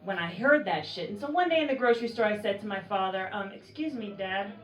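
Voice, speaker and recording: A woman's voice: medium pitch, animated, quick pace. Wry, swearing woman doing stand-up in a bar. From Oakland, California. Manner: conversational, wry, swears freely, acts out quoted voices. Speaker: stand-up comedian. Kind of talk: stand-up comedy set. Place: bar comedy show. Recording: roomy mic from far off, audience laughter.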